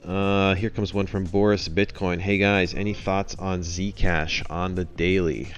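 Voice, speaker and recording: A man's voice: low voice, little pitch movement, a little slow, soft background music. A man hosting a livestream in casual chat, rambling with fillers and jokes. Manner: rambling, full of fillers, joking. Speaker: host of a trading livestream.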